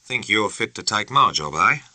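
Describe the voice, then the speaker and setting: A coarse, blustering first lieutenant snaps and sneers at a junior officer, as a male narrator puts him on. His voice is bright and forceful, and it swings widely in pitch. The reading is dry and close. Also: lively intonation, normal speed, no room sound, heavily acted. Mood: scornful.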